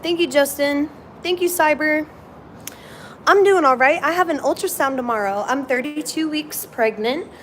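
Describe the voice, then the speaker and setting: High-voiced chatty woman livestreaming. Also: moderate pace, fairly bright tone, slight background noise. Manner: chatty, thanks viewers, scolds her puppy. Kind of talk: casual livestream chat. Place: hotel room.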